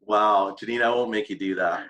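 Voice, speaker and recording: A man hosting a casual quick-question chat with colleagues, playful and teasing. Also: on the low side, fairly even intonation, a bit bright. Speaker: host.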